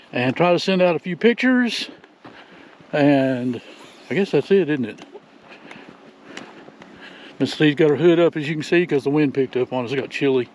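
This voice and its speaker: An older man chatting in a folksy, chuckling way as he vlogs outdoors on a windy trail. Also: a little high. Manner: folksy, chuckling, says "y'all". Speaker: vlogger. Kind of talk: casual outdoor vlog chat.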